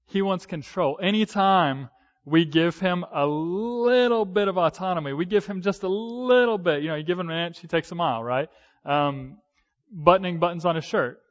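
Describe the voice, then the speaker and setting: A man in his thirties preaching in an easygoing, conversational way, often pausing on fillers and starting sentences over. His voice sits a little high for a man, and the recording has a dull, lo-fi sound. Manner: conversational, with hesitant fillers and restarts. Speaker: pastor. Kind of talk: sermon.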